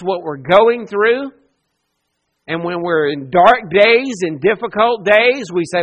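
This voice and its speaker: High-voiced man preaching with dramatic swings. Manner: expressive, swings between loud emphasis and quiet asides, acts out quoted characters. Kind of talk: sermon.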